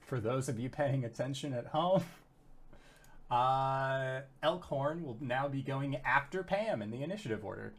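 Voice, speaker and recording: A man narrating as game master of a tabletop game, with animated bursts of shouted character lines. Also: mid-range voice, unhurried.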